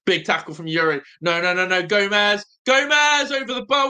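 A young man hosting a live football watch-along, nervous and excitable, groaning low one moment and shouting with joy the next. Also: normal speed, clean tone. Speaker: fan watch-along host.

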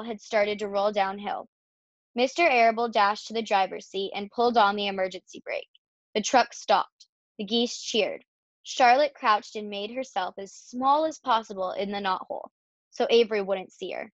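A woman's voice: medium pitch, moderate pace, no room sound. A woman reading a children's novel aloud and giving each character a voice of its own. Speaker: storybook reader. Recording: dull lo-fi dry recording.

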